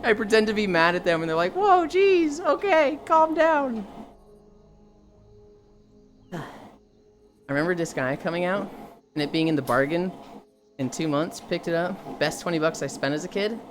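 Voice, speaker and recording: A woman streamer chatting casually on a live stream, telling stories and acting out quotes in loud mock voices. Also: on the low side, fast. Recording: background music under the voice.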